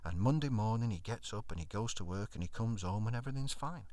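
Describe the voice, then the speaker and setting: A man telling a long comic anecdote on stage in an animated, conversational way, building up to punchlines. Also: fairly low pitch, fast talker, dry recording. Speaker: stand-up comedian. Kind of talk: comic storytelling.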